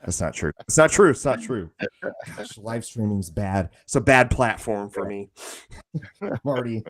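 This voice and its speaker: A man's voice: fairly low pitch, lively intonation, moderate pace, fairly bright tone. A man in casual live-stream chat, joking around and now and then slipping into silly voices. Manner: playful, jokey, drifts into silly character voices.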